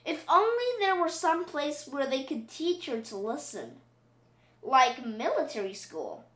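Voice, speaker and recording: A loving, worn-out storybook mother, read by a woman, fond yet exasperated. The voice is high and expressive and moves unhurriedly. It sounds from a roomy, echoing space. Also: unhurried, exaggerated voice. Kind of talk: storybook reading. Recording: roomy echo.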